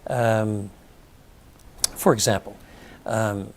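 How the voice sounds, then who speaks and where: An older man, raised speaking French and English, giving measured, explanatory interview answers with frequent pauses and restarts. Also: mid-range voice, darkish tone. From brought up in French and English. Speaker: interviewed theologian.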